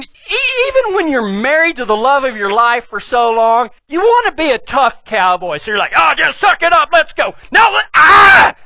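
A middle-aged pastor with a West Texas accent tells a funny story in an animated, folksy way. His voice is high and bright, and it swings widely in pitch. The sound is dry and close. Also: dry recording. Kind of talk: humorous storytelling sermon.

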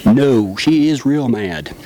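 A middle-aged man giving a humorous storytelling talk from a stage, folksy and quick to laugh. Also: medium pitch. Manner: folksy, animated, laughs often. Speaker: stage speaker.

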